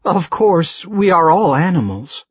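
A woman's voice: very animated, unhurried, breathy edge, no echo, lo-fi sound, heavily acted. A man voicing a frightened young woman held captive, pleading in a shaky voice. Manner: shaky, pleading, higher-pitched.

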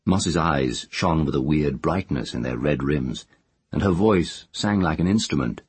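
A man narrating an audiobook in a measured, expressive storytelling manner. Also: rumbling low, breathy edge, no echo.

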